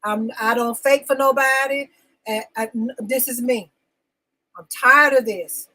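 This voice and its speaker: Slightly high and steady, her voice moves a little slowly, with a bright, forceful tone over poor audio. She's hosting a live talk show segment, venting emotionally, repeating herself for emphasis and greeting viewers by name. It's an emotional, insistent live-stream monologue full of repeated phrases.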